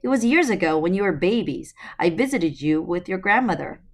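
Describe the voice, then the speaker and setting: A woman reading aloud and voicing a short, stout, elderly woman who is bossy and gruff, with a raspy voice. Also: on the low side, expressive, a little fast. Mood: gruff chatter. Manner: scolding, blunt.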